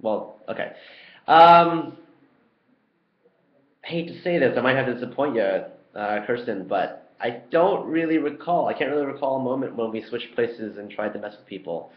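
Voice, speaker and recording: A young man answering community questions in a relaxed, chatty way, with frequent ums and uhs. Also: medium pitch, moderate pace. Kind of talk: casual Q&A video. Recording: roomy, dull lo-fi sound.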